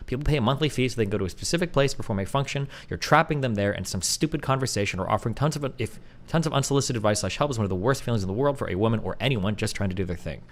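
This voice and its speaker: A man in his thirties streaming, ranting bluntly and profanely to his chat, mocking others with put-on voices. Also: medium pitch. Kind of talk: livestream rant to chat.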